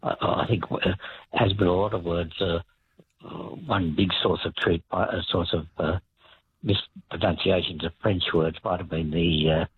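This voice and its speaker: A man calling into a radio show, explaining word origins in a hesitant, rambling way with many pauses. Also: deep voice, steady tone, slight background noise. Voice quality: very raspy. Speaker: caller. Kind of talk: phone-in radio chat. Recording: tinny phone line.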